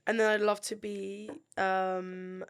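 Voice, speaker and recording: A woman co-hosts a podcast and talks in an easygoing way. She often trails off into ums and half-finished thoughts. Her pitch is ordinary. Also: slow, smooth. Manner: relaxed, trailing off into fillers. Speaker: podcast co-host. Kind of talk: casual chat.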